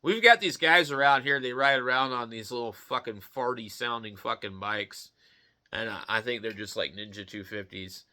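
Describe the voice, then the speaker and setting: A man delivers a profane, rambling rant straight to his viewers. His voice is very bright and tense, cutting through as he swears and mocks. He moves between fast and slow bursts with a medium pitch. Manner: swearing, animated, mocking. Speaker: vlogger. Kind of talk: profane casual rant to camera.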